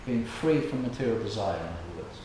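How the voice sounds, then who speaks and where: A man's voice: fairly low pitch, lively intonation, brisk. A man giving an informal spiritual lecture, telling stories and acting out the people in them. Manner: storytelling, acts out quoted people, laughs along with audience. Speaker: lecturer at a temple. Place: hall with an audience. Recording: very echoey room, noisy background.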